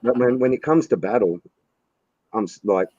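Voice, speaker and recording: A man's voice: lowish voice, normal speed, dark tone, dry recording, dull audio. A man in casual chat who swears freely and laughs a lot.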